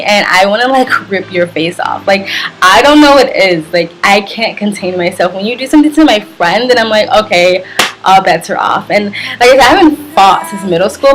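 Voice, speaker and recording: A young woman vlogger telling a story in a casual, animated way, full of fillers and little laughs. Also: mid-range voice, poor audio. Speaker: travel vlogger.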